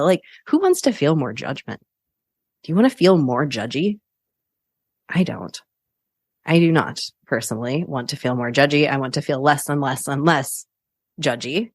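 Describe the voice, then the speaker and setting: A woman's voice: sits low, no echo, clean studio sound. A woman hosting a solo coaching podcast, chatty and upbeat, laughing often as she talks.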